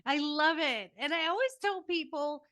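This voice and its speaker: A woman's voice: high-pitched, expressive, normal speed, bright, forceful tone, no room sound, studio quality. An older woman hosting a podcast interview, giving earnest, emphatic parenting advice. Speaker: podcast host. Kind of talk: casual interview chat.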